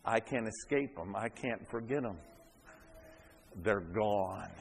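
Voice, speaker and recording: A man pastor preaching a sermon, swelling to loud fervent peaks and dropping back quiet. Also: fairly low pitch, slow pace, vocal fry, pauses often, breathy edge.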